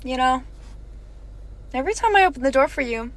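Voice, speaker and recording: A woman quoting a pushy, controlling young man on a date in a lower, flat mutter. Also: a little fast. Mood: smug.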